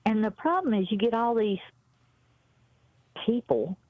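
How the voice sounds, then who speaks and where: A woman's voice: fairly high pitch, expressive, unhurried, no echo. Blunt woman in her fifties. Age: 50s. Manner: blunt storytelling, quoting others. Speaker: caller. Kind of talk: casual call-in chat. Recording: muffled dry phone-in audio.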